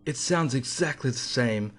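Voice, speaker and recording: A man's voice: medium pitch, expressive, normal speed, a bit bright. A man doing an impression of a smarmy, condescending middle-aged male guitar salesman who talks like a posh connoisseur.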